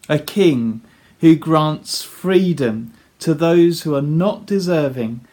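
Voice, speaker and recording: Man preaching slowly, earnest, lots of questions to the congregation, kinda high voice for a guy. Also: darkish tone. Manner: earnest, rhetorical questions to listeners. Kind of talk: sermon retelling a parable.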